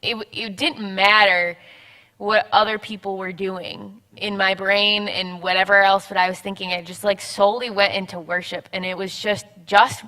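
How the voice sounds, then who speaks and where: Bright-voiced young woman, rambling and laughing. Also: mid-range voice, fairly even intonation. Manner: rambling, halting, laughs often. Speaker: church member guest. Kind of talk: casual chat.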